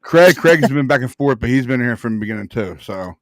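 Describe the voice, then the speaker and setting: A man's voice: mid-range voice, lively intonation, a little fast, no room sound. A man from New Jersey hosting a casual panel chat, easygoing and rambling with fillers. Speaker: show host.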